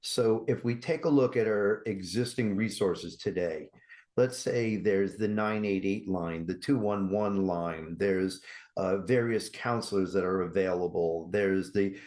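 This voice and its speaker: A man talking as a guest on an interview podcast, energetic and persuasive, often asking rhetorical questions. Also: deep voice, a little slow. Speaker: guest, mental health campaign creator.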